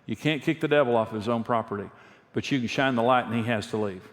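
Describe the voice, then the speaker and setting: A man's voice: medium pitch, fast. Male pastor, mid-range voice, earnest storytelling sermon, recorded with long hall echo. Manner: earnest storytelling, repeats key phrases. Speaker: pastor and marriage speaker. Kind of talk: conversational sermon with personal stories. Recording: long reverb of a large hall.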